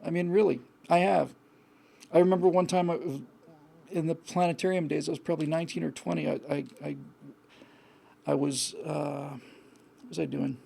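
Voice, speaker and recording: A man's voice: on the high side, steady tone, moderate pace, creaky, pauses often, dark tone, husky. A man hosting a live call-in show, giving blunt, frank advice in a rambling way with many restarts. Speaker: host.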